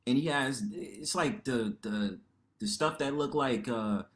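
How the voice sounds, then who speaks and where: A man hosting a livestream panel, talking casually in a loud, expressive way, full of slang and rhetorical tags. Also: measured pace. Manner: loud and expressive, lively pitch swings.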